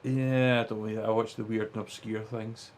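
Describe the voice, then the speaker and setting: A man's voice: lowish voice, level tone, normal speed, darkish tone, a little hiss or hum. Teasing man in casual gaming banter. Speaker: co-player.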